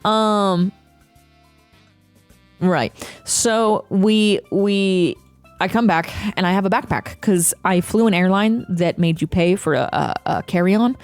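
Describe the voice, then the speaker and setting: A woman's voice: mid-range voice, no room sound. A young woman streamer chatting casually, ranting with profanity and reading chat aloud. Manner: animated, profane, quick ranting with laughs. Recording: faint music behind.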